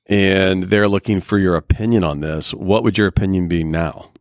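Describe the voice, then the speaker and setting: A man's voice: low-pitched, normal speed, hardly any pauses, clean tone, no echo, studio quality. A middle-aged man leading a youth group discussion, asking probing, jokey follow-up questions.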